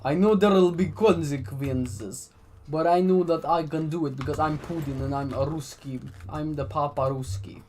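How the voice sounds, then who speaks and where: A vlogger putting on a loud, slow, self-satisfied voice with an exaggerated fake Russian accent to play a gloating, bossy leader. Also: medium pitch, soft background music, lightly acted. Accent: put-on Russian.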